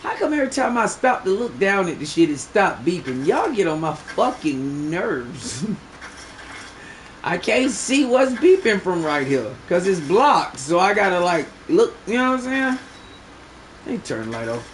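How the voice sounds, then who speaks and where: A man's voice: high-pitched, very animated, unhurried, slight background noise, poor audio. A young man streaming a fishing game, bragging and swearing in loose slang as he talks to his chat. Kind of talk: live gameplay commentary.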